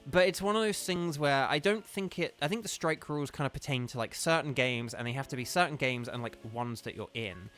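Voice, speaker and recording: A man's voice: mid-range voice, a little fast, hardly any pauses, a bit bright. Man, game streamer, casual live-stream chat, rambling, digressive, lots of "like", faint background music. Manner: rambling and digressive, heavy use of "like".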